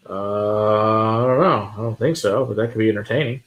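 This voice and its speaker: A low-voiced man hosts a late-night whiskey livestream in a loose, chatty way. He answers viewer comments as they come in, laughs easily and keeps returning to how funny things are. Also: normal speed. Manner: chatty, laughs often, amused.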